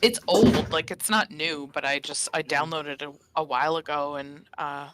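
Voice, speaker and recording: A woman's voice: sits low, steady tone, moderate pace, fairly bright tone, faint music behind. A woman chatting casually during a tabletop game session, rambling through a story with lots of filler words. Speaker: player. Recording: noisy background hiss.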